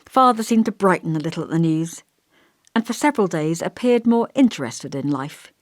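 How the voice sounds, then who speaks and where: A woman narrating a novel as an audiobook in a measured, expressive reading. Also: fairly low pitch, no room sound, clean studio sound.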